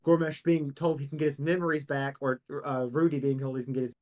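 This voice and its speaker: A man narrating as game master of a tabletop role-playing game, laughing often between quick asides. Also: medium pitch, little pitch movement, a little mellow.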